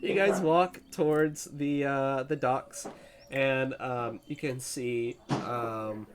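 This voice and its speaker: A man's voice: mid-range voice, steady tone, slow, noisy background. A young man narrating a tabletop game as game master, laid-back and full of fillers and laughs. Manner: casual, laughing, filler-heavy.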